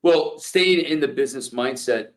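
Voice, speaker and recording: A middle-aged man co-hosting a podcast, asking questions thoughtfully with pauses. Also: on the high side. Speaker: podcast co-host. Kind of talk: casual podcast conversation.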